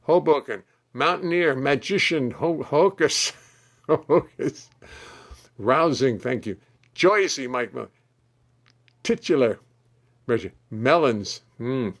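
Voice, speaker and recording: Gravelly, playful male musician. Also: medium pitch, expressive, slow pace, long pauses. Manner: playful, chatty, reads out comments. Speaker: musician and host. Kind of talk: casual chat on a live stream. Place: his home studio.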